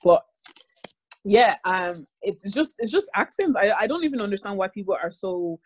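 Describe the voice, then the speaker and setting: A young woman with an Irish accent, co-hosting a podcast in casual chat, talking fast with stammered restarts. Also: mid-range voice, lively intonation, breathy edge. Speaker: podcast co-host.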